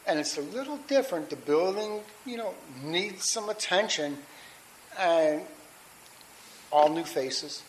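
A man's voice: medium pitch, rough recording. Middle-aged man, plain mid-range voice, heartfelt rambling recovery share; faint hiss. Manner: candid, rambling with restarts and fillers. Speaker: recovering alcoholic sharing his story. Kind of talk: personal testimony at a recovery meeting.

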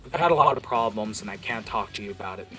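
Weary gruff guild leader, voiced by a man, low, bright-edged voice, grudging mutter. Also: fast.

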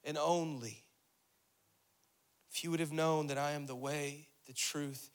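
A pastor preaches a sermon in a slightly high, steady, clear and resonant voice, keeping a measured pace. He reads and explains scripture, repeating phrases for emphasis as his intensity builds, and he voices the words of Jesus.

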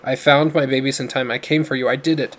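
A man voicing a big, deafened father who shouts in a booming voice. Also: fairly even intonation, quick pace, close to an everyday voice. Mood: overjoyed. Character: loud deafened father with a mustache.

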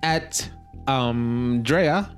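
A man's voice: medium pitch, extremely slow, faint music behind. A man co-hosting a podcast with dry, wisecracking remarks. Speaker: podcast co-host. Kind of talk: casual podcast banter.

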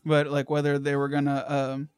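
A man's voice: on the high side, monotone, normal speed, clear, resonant tone, no echo. A man in casual chat, rambling through a story with lots of fillers and restarts. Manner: rambling, hesitant, many fillers.

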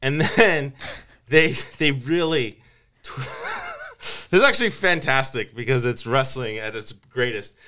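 A man hosting a casual podcast, telling a story in an animated way, laughing and acting out quotes. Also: medium pitch, takes it slowly. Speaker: podcast host.

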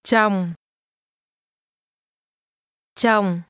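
A woman modelling phrases for a language course, with slow, deliberate enunciation for repetition. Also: medium pitch, steady tone, fairly bright tone, clear, resonant tone, no room sound, studio quality.

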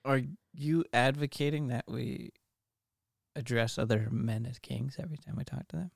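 Joking man with a gravelly voice. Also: medium pitch, normal speed, no room sound, studio quality. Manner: joking, teasing, laughs often. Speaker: podcast co-host. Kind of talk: casual chat.

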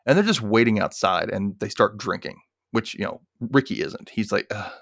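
A man's voice: lowish voice, normal speed, gravelly, no room sound, studio quality. A man hosting a podcast, casually recapping an episode and acting out the characters' lines. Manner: animated retelling, acting out quotes. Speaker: podcast host.

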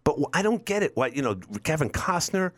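A man's voice: a little high, expressive, fairly quick, a bit bright, dry recording. A man in his fifties hosting a talk radio show, rambling wryly and repeating words as he chats. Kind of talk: casual talk radio monologue. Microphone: studio microphone.

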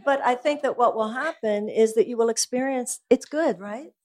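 A woman's voice: on the high side, moderate pace, a little mellow. Earnest woman talking spirituality. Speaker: spiritual speaker and guest. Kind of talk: conversational talk at a live event.

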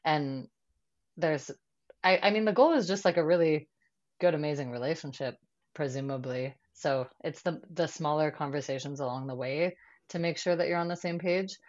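A woman with a very low voice chats casually as a podcast guest. She leans on fillers and acts out little quotes as she talks. The recording is a bit dull and lo-fi. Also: normal speed, a little mellow. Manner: chatty, lots of fillers and quoted asides.

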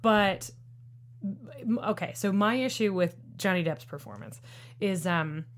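A woman's voice: medium pitch, expressive, a little slow. Woman, film critic, casual podcast talk, emphatic, opinionated.

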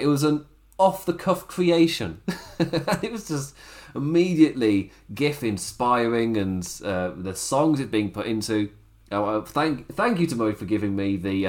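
Young guy, casual wrestling-show host, lively up-and-down voice, rambling and giggly. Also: medium pitch. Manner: rambling, laughs often, animated. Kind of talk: casual commentary to camera.

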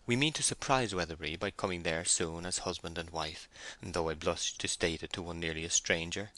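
A man's voice: deep voice, fairly quick, sharp tone, no room sound. A man reading the letter of a hopeful, naive young woman in an audiobook, speaking politely and earnestly.

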